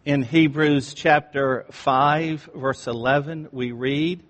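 A man preaching a sermon as pastor, slow and deliberate, dropping his voice low for emphasis. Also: steady tone. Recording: long reverb in a large room.

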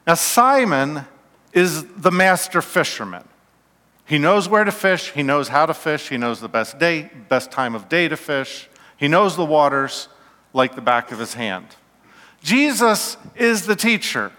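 A man preaching a sermon slowly and emphatically, his voice falling to a hush at key points, in a church. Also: fairly high pitch, sing-song. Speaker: pastor. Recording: long reverb of a hall.

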